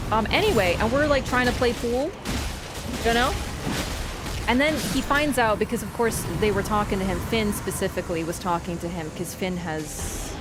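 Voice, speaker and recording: A young woman in her twenties from Canada, casually telling a long story while gaming, chatty and animated with frequent laughter. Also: medium pitch. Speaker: gaming streamer. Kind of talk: casual storytelling over gameplay.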